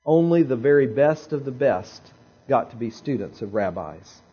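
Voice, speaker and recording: A man preaches, retelling a story with lively pauses and phrases he repeats for effect. His voice is husky and a little breathy at a middle pitch. The recording sounds slightly dull and lo-fi. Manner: animated storyteller, dramatic pauses and repetitions. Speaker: pastor. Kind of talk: sermon storytelling.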